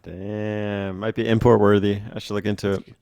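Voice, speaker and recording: A man co-hosting a casual gaming podcast, dropping dry, deadpan one-liners. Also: fairly low pitch, moderate pace, smooth, no echo. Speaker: podcast co-host.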